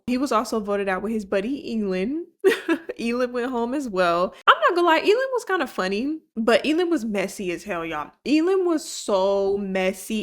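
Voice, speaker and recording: A young woman YouTuber recaps a reality show in a casual vlog, animated and chatty, laughing and cursing readily. Her voice is medium-pitched.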